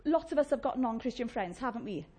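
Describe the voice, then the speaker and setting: Lively, husky-voiced woman preacher. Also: fairly high pitch, fast talker. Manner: chatty, asks the congregation questions, laughs often. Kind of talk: sermon.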